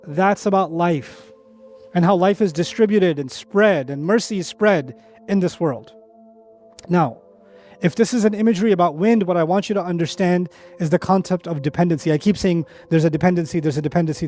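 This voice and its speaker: Animated high-voiced male lecturer. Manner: animated, conversational, with asides and analogies; recites Quranic Arabic rapidly. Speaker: Islamic lecturer. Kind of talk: religious lecture.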